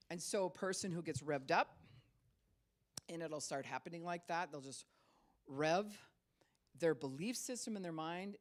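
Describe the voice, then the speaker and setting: Speaking in a low-pitched voice, a middle-aged woman pastor preaches in a conversational style, laughing occasionally and acting out quoted voices.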